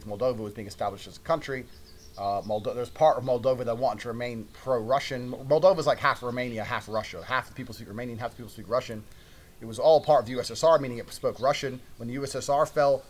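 Brash storyteller, British man, rapid-fire profane delivery, faint hiss behind. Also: medium pitch. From Britain. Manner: brash, swearing, emphatic. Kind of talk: profane anecdote telling.

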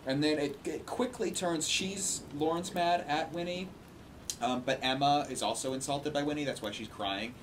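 A man's voice: fairly high pitch, moderate pace, slight background noise. A man host giving casual, sarcastic and exasperated commentary on a played call. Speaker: commentary streamer.

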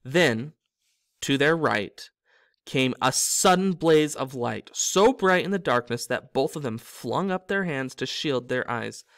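A man's voice: mid-range voice, animated, takes it slowly, fairly bright tone, no echo, studio quality. A man reading a novel aloud as a storyteller, with small slips that he corrects himself. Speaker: reader.

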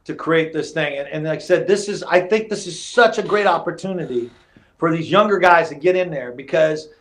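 A middle-aged former fighter, a podcast guest, telling stories in casual chat, animated and laughing through his anecdotes, with many restarts. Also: on the high side, a little fast. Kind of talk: casual storytelling interview.

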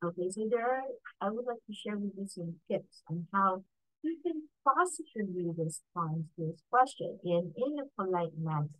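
A woman with a Filipino accent teaching an English lesson for learners, unhurried, often checking in with "okay?". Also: medium pitch, animated, no room sound, poor audio. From Philippines. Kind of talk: ESL lesson.

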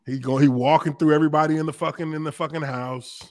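A man's voice: fairly high pitch, fast talker. A man talking as a guest on a late-night show, telling stories with lots of swearing and animation. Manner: animated, profane storytelling. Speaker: guest, former football player. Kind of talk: casual late-night chat.

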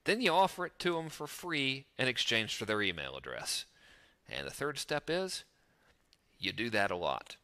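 Lively, bright-voiced joking man. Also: medium pitch, normal speed. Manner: joking, animated, self-mocking. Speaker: internet marketing teacher. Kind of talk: casual talking-head marketing lesson. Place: outdoors overlooking the ocean.

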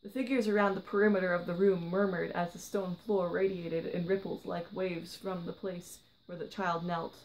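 Woman vlogger reading her own short story, quiet gentle narration. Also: fairly low pitch, little pitch movement, moderate pace, few pauses, a little hiss or hum, rough recording.

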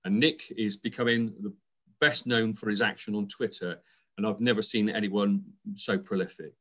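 A man's voice: on the low side, fairly bright tone. A man, the incoming board chair, giving an earnest tribute speech in an online meeting, with frequent fillers.

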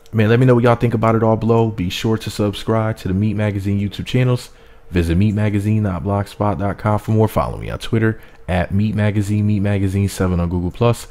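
A man with a fairly low voice gives casual celebrity gossip commentary. He jokes around and talks straight to his viewers in a playful, easygoing manner. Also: a little mellow.

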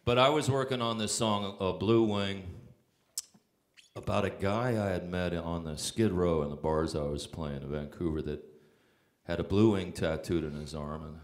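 A man's voice: deep voice, normal speed. A man, a songwriter, telling casual rambling stories on stage with frequent fillers and restarts. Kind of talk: casual anecdotal storytelling.

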